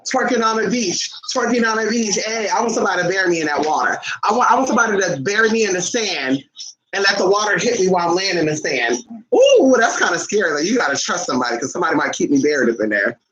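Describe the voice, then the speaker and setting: A woman's voice: mid-range voice, lively intonation, fast talker, a crowd in the background. A woman host chatting casually and playfully with her viewers, often calling them honey. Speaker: channel host. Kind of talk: casual live chat with viewers. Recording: dull lo-fi recording.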